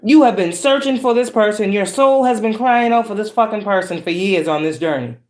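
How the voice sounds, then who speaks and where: A woman's voice: medium pitch, a little fast. Woman tarot reader, preachy and profane, roomy echo. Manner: profane, preachy, shifts between calm and harsh. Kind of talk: spiritual reading monologue.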